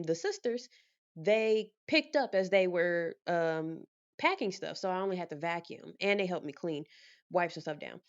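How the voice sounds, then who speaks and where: A woman vlogger in casual storytime mode, telling her story with lively energy and acting out the conversations. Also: fairly low pitch, lo-fi sound.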